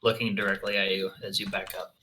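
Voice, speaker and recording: A man running a tabletop role-playing game as game master, narrating scenes in a measured way. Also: deep voice, flat delivery, bright, forceful tone, slight background noise, low-quality recording. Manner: descriptive, measured narration with self-corrections.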